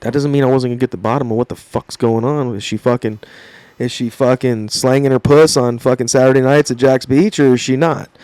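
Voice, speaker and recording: A man's voice: medium pitch, steady tone, fairly quick, darkish tone, clear, resonant tone, dry recording. A young man, a podcast guest, telling a rambling, profanity-laced story in casual chat.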